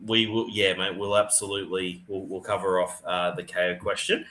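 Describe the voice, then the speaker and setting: A man's voice: low-pitched, flat delivery, normal speed, sharp tone. A man hosting a casual sports podcast, chatty and matey as he gives his analysis. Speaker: podcast host.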